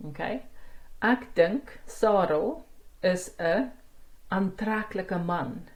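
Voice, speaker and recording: Her voice is deep as she gives an online language lesson, breaking down grammar and enunciating example words slowly and with care. Quick side comments pop up now and then, and the audio quality is poor.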